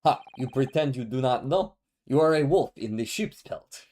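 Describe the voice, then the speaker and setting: A man's voice: on the low side, animated, moderate pace, mellow, a little hiss or hum, lightly acted. A man putting on a stern, lightly Russian-accented interrogator. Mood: accusing.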